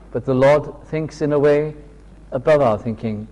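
A man's voice: mid-range voice, dark tone. Man preaching in an echoing hall. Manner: slow, earnest storytelling with quoted dialogue. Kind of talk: sermon. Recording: long reverb of a hall.

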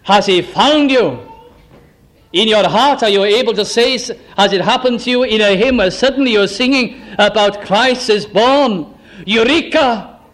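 Guy with a pretty high voice preaching a sermon, fervent, keeps asking the crowd questions, drags out the big words. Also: a bit bright. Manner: fervent, asks the listeners many rhetorical questions; slows right down to stress key phrases.

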